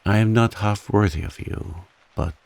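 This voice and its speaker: A man voicing a humble, devoted man earnestly and huskily pleading his love in a soft bedtime reading. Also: on the low side, normal speed, creaky, no room sound, voice pushed up.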